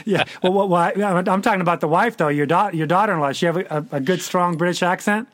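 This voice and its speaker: Man, podcast host, slightly higher voice, chatty, dry close mic. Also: fast talker, a bit bright, dry recording. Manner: chatty, stumbling over words. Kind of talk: casual interview hosting.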